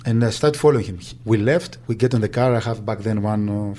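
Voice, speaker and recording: Soft-toned man recalling. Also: on the low side. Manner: halting, searching for words. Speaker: agent. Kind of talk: interview recollection.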